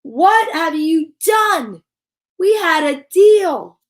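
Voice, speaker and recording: A woman's voice: high voice, animated, takes it slowly, creaky, full character voice. A woman voicing an exasperated mother who bosses her son about his toys. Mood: angry. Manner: exasperated, bossy.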